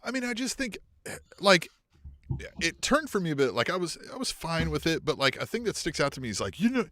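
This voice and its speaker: Man co-host, casual chat, lively swings of pitch, swears and laughs a lot. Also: fairly quick. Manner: animated, laughs often, swears, acts out quotes in a raised voice.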